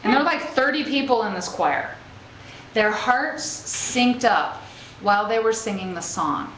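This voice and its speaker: A woman's voice: a little high, animated, unhurried, a bit bright. A woman giving an inspirational spiritual talk to a live group, conversational and checking in with her listeners as she goes. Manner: conversational, checks in with "okay?" and "right?"; laughs easily while telling stories. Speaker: spiritual speaker. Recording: echoey room with faint ambient noise.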